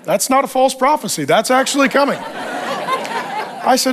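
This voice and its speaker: A man's voice: extremely high pitch, moderate pace, long pauses, noisy background. A man preaching a sermon, telling stories with energy and acting out what people said. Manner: animated storytelling, acting out quoted voices. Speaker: pastor.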